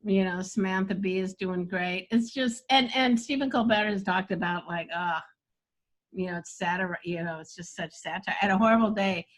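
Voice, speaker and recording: A woman's voice: mid-range voice, normal speed. A older woman coaching comedy in casual chat, reading jokes aloud and laughing often.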